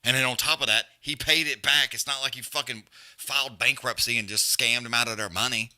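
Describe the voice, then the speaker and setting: Brash, foul-mouthed streamer, bright sharp voice, rambling and repetitive. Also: male voice, medium pitch, fairly even intonation, a little fast. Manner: profane, blunt, rambling, repeats himself. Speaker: fight companion stream host. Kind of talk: profane casual rant and live fight commentary.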